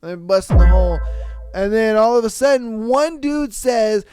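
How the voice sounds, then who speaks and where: A man hosting a podcast, reading listener stories aloud and reacting with animated, profane disbelief. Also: high voice, normal speed, clear, resonant tone, no room sound, clean studio sound, faint music behind. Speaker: podcast host. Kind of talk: casual commentary reading stories.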